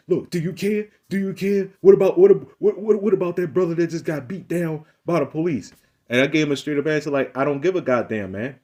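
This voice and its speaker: A man giving a casual, heated monologue as a religious vlogger, repeating himself and swinging from low muttering to loud rising rants.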